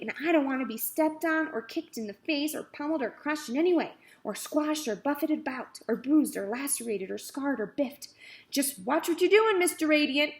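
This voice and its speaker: A woman's voice: high voice, voice pushed up. A woman doing a fussy, grumbling rat. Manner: drawn-out, complaining.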